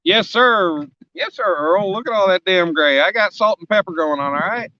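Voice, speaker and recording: Fortyish guy rambling and joking on a live fishing stream, kinda high bright voice, dull lo-fi sound. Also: lively intonation, normal speed, no echo. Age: 40s. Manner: joking, rambling, teasing the chat. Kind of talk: casual live-stream chat. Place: outdoors on a riverbank.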